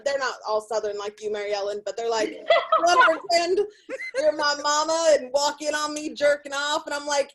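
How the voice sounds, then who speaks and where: A woman's voice: high-pitched, a little fast, a bit bright, a little hiss or hum, low-quality recording. A middle-aged woman from California doing crude, profane stand-up comedy from a hotel room. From Sacramento, California.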